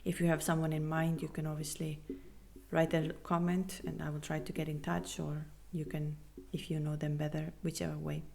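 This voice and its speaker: A woman hosting a spiritual podcast, talking earnestly and reassuringly with non-native phrasing, sometimes dropping to a soft half-whisper. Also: low-pitched, level tone, normal speed, creaky. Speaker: podcast host and spiritual coach. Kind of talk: casual podcast monologue.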